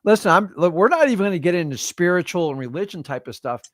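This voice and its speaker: A man's voice: high-pitched, big pitch swings, fast, fairly bright tone, no room sound, studio quality. A man in his fifties hosting a livestream, giving casual motivational talk and addressing listeners directly in a preachy way. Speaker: livestream host.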